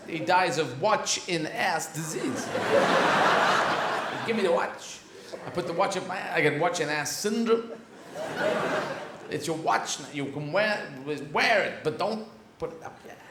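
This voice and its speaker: A man doing a deliberately bad impression of an offbeat actor reciting Shakespeare in halting, rambling bits. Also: sits high, heavy background noise. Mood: deadpan. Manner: halting, odd pauses, rambling. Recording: echoey theatre with loud audience laughter.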